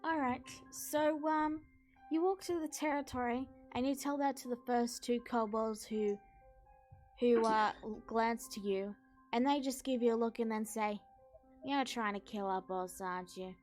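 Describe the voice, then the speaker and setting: A woman's voice: fairly high pitch, steady tone, measured pace, darkish tone, faint music behind. A woman narrating as game master of a tabletop game over voice chat, playful and prone to restarts. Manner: playful, giggly, hesitant restarts.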